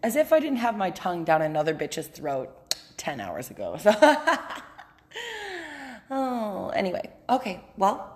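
A woman giving a candid, profane solo podcast update, chatty and quick to laugh. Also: medium pitch, wildly swooping pitch, a little mellow. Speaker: podcast host. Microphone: phone app.

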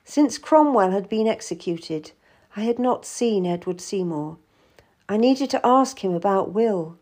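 Slow, gentle woman storyteller. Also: medium pitch, expressive. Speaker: audiobook reader. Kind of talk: first-person storybook narration.

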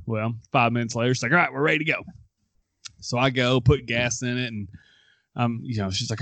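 A young man hosting a casual chat show, telling a story with lively quoted voices and frequent laughs. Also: mid-range voice, fairly quick, no room sound. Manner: animated storyteller, acts out quotes, laughs often. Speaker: podcast host.

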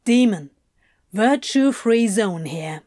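A woman's voice: mid-range voice, expressive, slow, darkish tone, dry recording, studio quality. A woman voicing a prickly, defiant male demon who answers in a curt, clipped and sullen way. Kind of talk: audiobook character voice.

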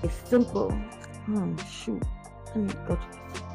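Over music, a woman with a medium-pitched, vocal-fry voice talks at normal speed in a casual podcast monologue. As host she's blunt and profane, becoming heated and animated when she gets worked up.

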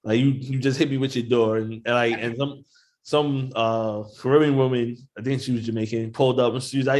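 A man's voice: medium pitch, steady tone, a little fast, a little mellow. A man in laid-back, profane casual chat, laughing often and drawing words out.

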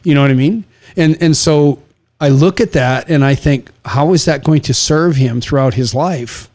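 A man's voice: fairly high pitch, normal speed, a little mellow. A man in his sixties, a father of young children, telling stories in casual chat and acting out what people said. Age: 60s. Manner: rambling storyteller, acts out quotes.

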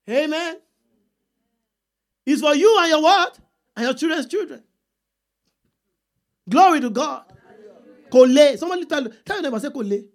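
A woman preaching a sermon, repeating points and calling for answers from the congregation. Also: high-pitched. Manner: call-and-response with the congregation, emphatic repeats.

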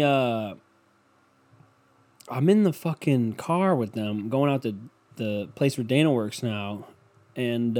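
A man's voice: mid-range voice, darkish tone. A young adult man hosting a podcast, talking in a loose, profane, rambling way as he tells stories. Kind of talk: casual rambling rant.

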